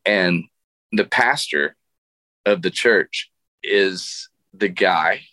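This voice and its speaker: A man's voice: low-pitched, very slow, bright, forceful tone, no room sound. A middle-aged man, a guest musician, telling a funny story in a radio interview, laughing often and restarting his sentences.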